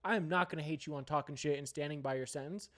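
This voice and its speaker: A man hosting a sports podcast, ranting heatedly with plenty of profanity and sudden loud outbursts. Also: on the high side, fast talker. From United States.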